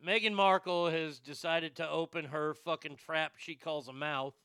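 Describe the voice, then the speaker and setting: Male host, crude ranting commentary, slightly higher voice, bright forceful tone. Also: fairly even intonation, moderate pace, clear, resonant tone, dry recording, studio quality. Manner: crude, ranting, loud bursts. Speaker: show host. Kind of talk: profane casual commentary.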